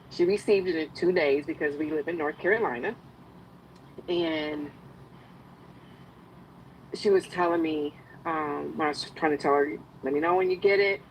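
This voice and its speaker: A woman's voice: low voice, fairly even intonation, moderate pace, a little hiss or hum, rough recording. A woman telling a chatty story on a video call. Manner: chatty, acts out quoted friends. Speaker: product testimonial speaker.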